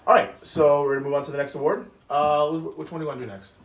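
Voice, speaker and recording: Fast-talking man hosting an awards podcast. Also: on the high side, steady tone. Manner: fast, rambling, fillers. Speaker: podcast host presenting awards. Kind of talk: casual banter. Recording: roomy, distant mic, faint noise.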